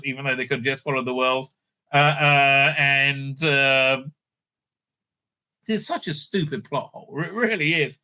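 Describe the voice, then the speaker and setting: A man rambles through an episode recap with profane sarcasm, his voice very bright and a touch high. The delivery is loose and scathing, full of fillers and swipes. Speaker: show reviewer. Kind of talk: casual episode recap and review.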